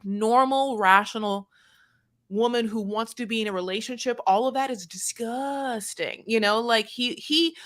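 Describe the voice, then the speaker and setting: A woman's voice: on the high side, unhurried, fairly bright tone. A woman co-hosting a casual podcast chat, thinking aloud with restarts and fillers before landing on firm opinions. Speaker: podcast co-host.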